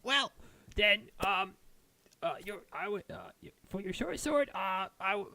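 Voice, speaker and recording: A man voicing an excitable, flustered male dwarf blacksmith who talks high and stammers. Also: unhurried, no room sound, heavily acted. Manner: high, stammering, mutters sums under breath.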